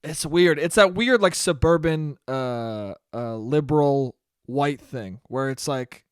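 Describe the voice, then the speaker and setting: A young man with a fairly high voice tells a story on his solo podcast, animated and profane, breaking into laughing asides. He speaks close to the mic in a dry, dead room. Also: takes it slowly, clean tone, no room sound. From American suburbs. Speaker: podcast host. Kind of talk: casual solo podcast monologue.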